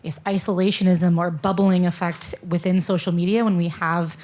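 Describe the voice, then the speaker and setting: A woman's voice: on the low side, fairly even intonation, moderate pace, darkish tone. A woman in the audience asking an earnest, polite question at a public talk.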